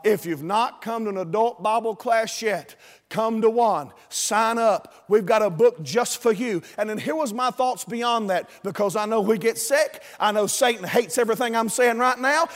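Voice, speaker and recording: Man, pastor mid-sermon, high-pitched, pleading and emphatic, church hall reverb. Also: moderate pace. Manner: emphatic preaching, pleading and rising to shouts. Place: church auditorium. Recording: long reverb of a church auditorium.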